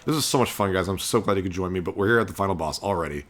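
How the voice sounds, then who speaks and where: A man hosting a let's-play, chatting excitedly through his gameplay and laughing often. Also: low-pitched, rapid-fire. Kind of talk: gameplay commentary. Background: game music.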